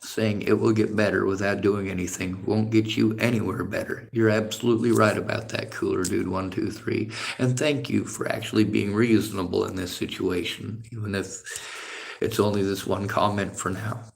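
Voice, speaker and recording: Bitter, gravelly man ranting at chat. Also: on the low side, little pitch movement, moderate pace. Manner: bitter, profane, lecturing. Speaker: livestreamer reading chat. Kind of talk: angry livestream rant. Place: library.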